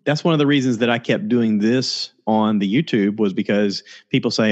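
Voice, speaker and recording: A man's voice: normal speed, few pauses, muffled recording. A man hosting a podcast over a video call, rambling casually and acting out quotes. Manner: rambling, animated, acts out quotes in a high voice. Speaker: podcast host. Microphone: laptop or USB mic with headphones, video call.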